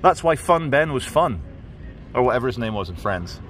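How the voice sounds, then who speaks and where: A man filming a street vlog on his phone, muttering wry asides and turning loud and defiant when confronted. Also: medium pitch, sing-song, moderate pace, slight background noise. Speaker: vlogger filming in public. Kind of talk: handheld street vlog commentary. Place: outdoors on a city street. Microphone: handheld phone camera.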